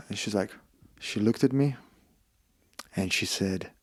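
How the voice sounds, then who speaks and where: A man's voice: mid-range voice, a little slow, pauses often. A man with a Russian accent, a podcast guest telling stories and acting out the dialogue in them. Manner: animated, acts out dialogue in quoted voices. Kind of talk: casual storytelling interview.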